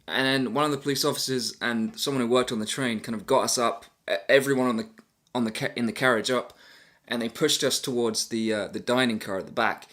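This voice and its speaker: A man tells a travel story in a loose, rambling way. He fills it with "uh"s and restarts and pokes fun at himself between sentences. His voice sits at an ordinary male pitch. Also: fairly bright tone. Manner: rambling, self-deprecating, many fillers. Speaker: travel vlogger. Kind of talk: casual storytelling to camera.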